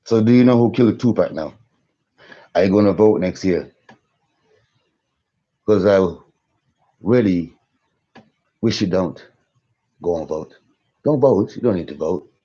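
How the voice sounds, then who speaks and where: A man in his thirties talks slowly in a low, mellow voice, rambling and circling back to the same points with emphatic swearing. The recording sounds dull and lo-fi. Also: animated, slightly rough. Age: 30s. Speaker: conspiracy vlogger. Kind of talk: rambling live-stream monologue.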